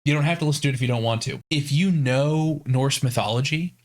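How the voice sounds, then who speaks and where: Brief: podcast co-host, mid voice, laid-back and profane storyteller. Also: male voice, medium pitch, fast. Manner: profane, storytelling with acted-out quotes. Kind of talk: casual chat retelling a game story.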